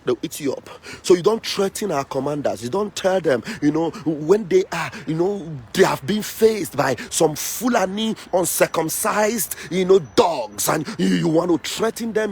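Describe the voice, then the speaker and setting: Fiery husky man. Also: sits high. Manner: fiery, accusatory, repeats lines for emphasis. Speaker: political activist. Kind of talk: impassioned political speech.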